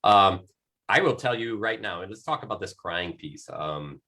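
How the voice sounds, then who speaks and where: Low bright-voiced man, rambling coach. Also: animated, normal speed. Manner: rambling, many restarts and fillers. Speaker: coach on a panel. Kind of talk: casual panel discussion.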